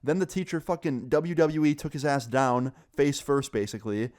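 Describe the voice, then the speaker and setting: A young man casually telling a school story, animated and swearing, acting out what others said. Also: mid-range voice, moderate pace. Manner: animated, swearing, acts out quoted voices. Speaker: storyteller vlogger.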